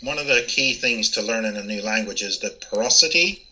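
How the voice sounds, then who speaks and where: Brief: lower-pitched man with a very bright, forceful voice, chatty podcast co-host. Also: a little fast, poor audio. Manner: chatty, storytelling, with frequent laughs. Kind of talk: casual podcast chat.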